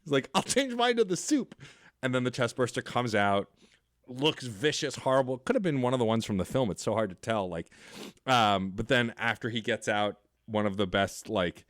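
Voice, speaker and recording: A low-voiced man joins a podcast as a guest, walking through a film scene with eager, laughing enthusiasm. The sound is dry and close, with no room around it. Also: moderate pace, a bit bright, dry recording. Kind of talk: casual film recap chat.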